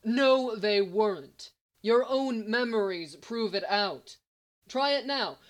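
A woman's voice: medium pitch, expressive, normal speed, close to an everyday voice. Brief: a woman voicing a calculating male villain, confident and lecturing. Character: smug scheming male genius villain.

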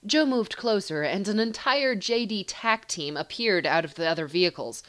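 A woman reading fan fiction aloud as an audiobook narrator with steady, even storytelling. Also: mid-range voice, normal speed.

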